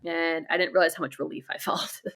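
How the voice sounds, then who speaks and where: Low, gravelly young woman telling her story. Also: fairly even intonation, a bit bright. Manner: candid, blunt, swears freely; halting, restarts sentences often. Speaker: interview guest. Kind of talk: candid personal storytelling interview.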